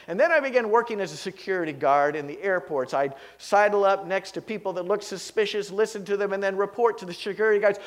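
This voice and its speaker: A man's voice: high-pitched, voice pushed up, lightly acted. A man voicing a folksy, boastful talking dog who tells his life story in a chatty drawl.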